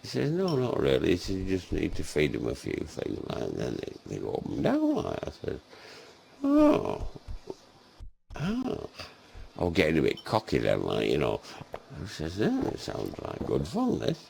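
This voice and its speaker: A man's voice: rumbling low, huge pitch swings, normal speed, vocal fry, a little mellow, a little hiss or hum. An older man tells a rambling comic anecdote, swearing constantly, acting out both sides of the dialogue and laughing often.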